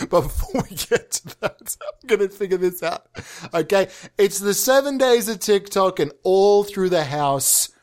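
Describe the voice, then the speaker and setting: A man hosting a podcast, rambling through a comic monologue, often swearing and jumping into silly put-on bits. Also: high voice. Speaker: podcast host.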